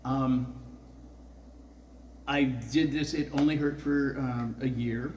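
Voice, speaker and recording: A man's voice: mid-range voice, steady tone, takes it slowly, darkish tone, a little hiss or hum, low-quality recording. A man in his sixties telling a rambling, profane personal story on a festival stage, full of filler words. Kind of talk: live storytelling.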